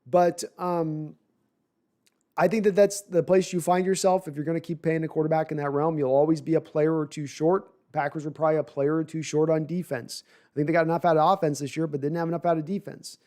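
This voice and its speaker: A man's voice: fairly high pitch, little pitch movement, brisk, a little mellow. A man hosting a live sports podcast, talking at length and reading chat comments, often repeating words as he restarts sentences.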